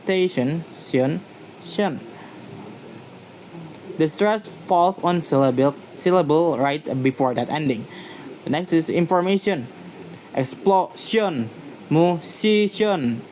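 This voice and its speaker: A man's voice: a little high, a little mellow, slight background noise, rough recording. A man giving a slide-based pronunciation lecture, speaking carefully and repeating example words to model their stress.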